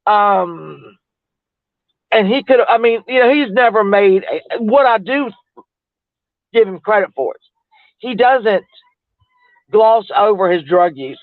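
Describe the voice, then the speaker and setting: High-voiced rambling man. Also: animated, measured pace, vocal fry, pauses often, no echo. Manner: chatty, rambling, greets viewers. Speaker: livestream host. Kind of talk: casual chat commentary. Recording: tinny phone-like, dry.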